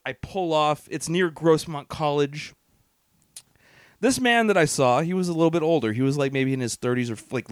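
A man's voice: on the high side, no room sound, clean studio sound. A man on a podcast telling a long road story casually, swearing freely and acting out what people said. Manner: animated, profane, acts out quotes. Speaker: podcast co-host.

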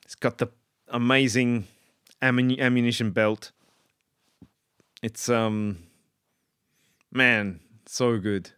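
Chatty Australian man, smooth dry voice. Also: mid-range voice, fairly even intonation, takes it slowly, long pauses, fairly bright tone, no echo. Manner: rambling, enthusiastic, many ums and restarts. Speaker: pop culture commentator. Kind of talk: casual monologue review.

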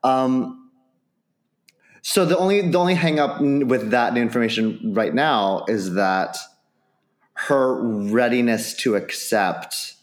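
Give me a man chatting on a podcast, halting and thinking aloud, with an echoey sound. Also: mid-range voice. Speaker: podcast panelist. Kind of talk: casual chat. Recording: roomy echo.

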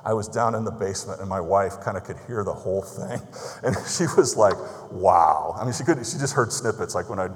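A man preaching a sermon as a pastor, telling a story that grows quiet and solemn and ends in prayer. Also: sits low, a little fast, big-room sound.

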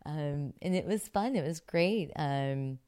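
Middle-aged actress from Pittsburgh, chatty interview guest, very deep and smooth for a woman. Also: expressive, slow, mellow. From Pittsburgh, USA. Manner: chatty, many fillers, laughs often. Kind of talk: relaxed interview storytelling.

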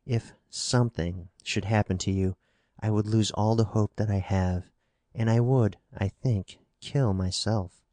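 A man's voice: lowish voice, measured pace, mellow, no echo, lightly acted. Male narrator voicing a scared young woman, pleading, anxious, audiobook character. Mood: fearful.

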